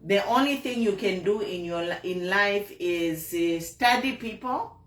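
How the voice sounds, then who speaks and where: Zambian woman host talking politics slow and earnest, lots of repeating, sounds let down, echoey room. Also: medium pitch. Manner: earnest, repetitive, disappointed. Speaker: online show host. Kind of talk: political commentary monologue.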